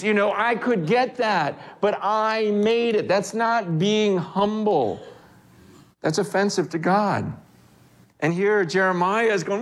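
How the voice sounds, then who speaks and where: A male preacher with a high-pitched voice delivers a conversational sermon. He is animated and slips into the voices of the people he quotes. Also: measured pace.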